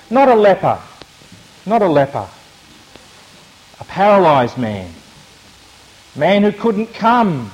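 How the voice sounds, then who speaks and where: A man preaching a sermon, repeating phrases for emphasis and swinging between loud appeals and hushed lines. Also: fairly high pitch, poor audio.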